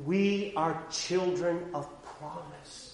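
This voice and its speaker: A male pastor preaching a sermon, swinging from hushed, low lines to loud, rising ones. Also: slow pace, echoey room, a little hiss or hum.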